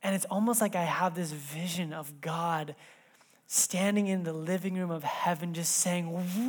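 A man in his thirties preaching a sermon in a church, telling a family story with lively swings between loud bursts and hushed moments. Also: high-pitched, unhurried. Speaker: pastor. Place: church sanctuary.

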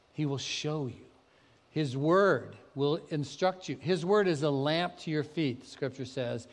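A man preaching a sermon, talking conversationally and then rising to loud, emphatic peaks. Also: mid-range voice, big-room sound. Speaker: pastor. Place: church sanctuary.

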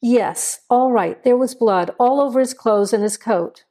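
Woman voicing a defensive young woman under questioning, sharp replies, dark mellow tone. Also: a little high, measured pace. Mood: reluctant.

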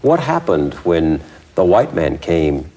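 Low-voiced male interviewer. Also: big pitch swings, slow, warm tone. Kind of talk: interview questions.

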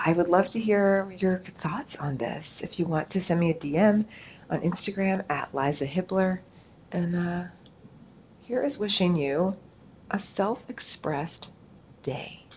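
Chatty woman podcaster, slightly low voice. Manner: chatty, animated, heavy use of "like". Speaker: podcast host. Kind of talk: casual solo storytelling podcast. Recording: slightly dull lo-fi recording with faint noise.

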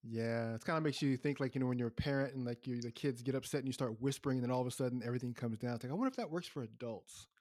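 A man hosts an interview podcast, putting his questions across in a relaxed, conversational way. His voice sits at an average pitch for a man. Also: racing, hardly any pauses. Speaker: podcast host.

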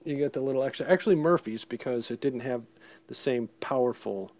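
A man co-hosts a relaxed podcast chat, talking in a loose, jokey way. His pitch sits in an ordinary middle range, and he rambles comfortably from one thing to the next. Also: fairly quick. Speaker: podcast co-host. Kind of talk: casual chat.

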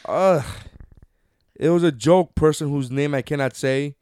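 A man's voice: on the high side, unhurried, a little mellow, clean tone, no room sound, studio quality. A man in his thirties co-hosting a casual chat with his wife, joking and teasing as he retells a story. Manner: joking, swears freely, teasing. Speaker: podcast co-host.

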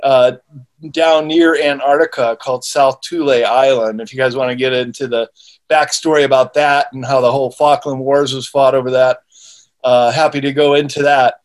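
A man's voice: medium pitch, moderate pace. Male author talking steadily in an interview. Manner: steady and explanatory, with small restarts. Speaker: author and guest.

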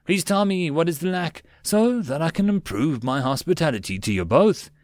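Sweet scheming lady of the court, a man putting her on, high and mocking. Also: expressive, normal speed, a little mellow, no echo, clean studio sound, natural voice. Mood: sly. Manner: sly, mocking politeness. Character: sweet, scheming noblewoman hostess. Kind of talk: audiobook character voice.

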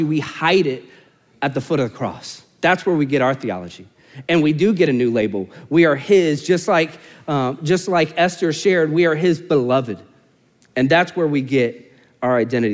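Young man, pastor, high voice, lively sermon with funny stories and voices. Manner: animated storytelling, mimics voices, self-mocking humor.

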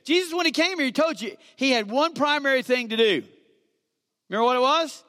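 Pastor preaching, goes from loud to hushed, long reverb in a big hall. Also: male voice, very high-pitched, lively intonation, measured pace, pauses often. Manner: preaching with call-and-response, dramatic swings from loud to hushed. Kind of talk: sermon.

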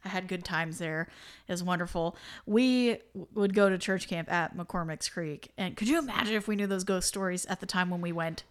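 A woman's voice: on the low side, moderate pace. Chatty woman co-host. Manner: chatty, reacts with laughs and exclamations. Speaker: podcast co-host. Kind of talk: casual chat.

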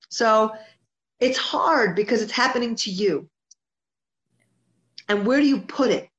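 A woman singer-songwriter talking as an interview guest, heartfelt and emphatic, often repeating her points. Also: fairly high pitch. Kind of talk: earnest interview talk. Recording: dull lo-fi sound.

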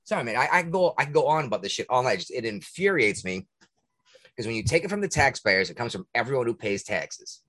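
A man hosting a podcast, ranting in casual talk, profane and indignant, with a husky voice. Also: medium pitch, very animated, quick pace, a bit bright. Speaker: podcast host. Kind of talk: heated casual rant.

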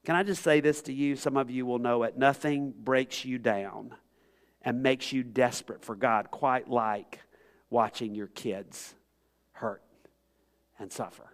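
A man preaching a sermon as pastor, impassioned, swinging between loud pleading and hushed, quiet tones. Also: mid-range voice, steady tone, a little slow.

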